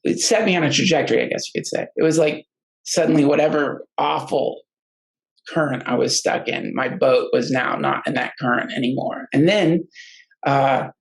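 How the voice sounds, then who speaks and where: A man's voice: fairly high pitch, gravelly, low-quality recording. A man telling a personal story in a casual, rambling way, often stopping and restarting his sentences. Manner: halting and rambling, many restarts. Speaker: guest storyteller.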